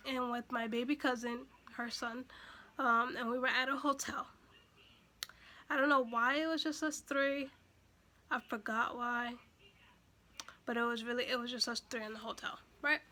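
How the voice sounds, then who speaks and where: A young adult woman vlogger tells a casual storytime, chatty and full of fillers and restarts, emotional and near tears at moments. Her voice sits high with fairly even intonation, a moderate pace and frequent pauses, and her tone is bright and forceful.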